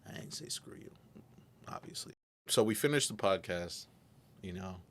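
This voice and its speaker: A young man with a soft-spoken, earnest, reflective way of talking, often dropping to a near whisper, as he tells a personal confession. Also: low-pitched, lively intonation, a little hiss or hum. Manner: earnest and reflective, with pauses and restarts. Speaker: podcaster telling his story.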